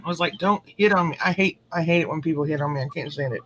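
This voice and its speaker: A woman's voice: deep voice, steady tone, rapid-fire, a bit bright, muffled recording. A woman rambling through a story in casual chat, laughing often as she goes, with a drink in hand.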